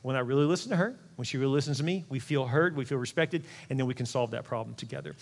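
A middle-aged man, a pastor, preaching an animated, conversational sermon with quick asides in a large church auditorium. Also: mid-range voice, gravelly. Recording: long hall reverb.

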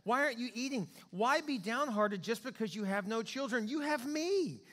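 A man's voice: very high-pitched, lively intonation, moderate pace, fairly bright tone, in a large hall, pitched above the performer's own voice, exaggerated voice. A man voicing a clueless husband who earnestly believes he is enough to console his wife. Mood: cluelessly consoling. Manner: earnest, oblivious. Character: clueless, self-satisfied husband.

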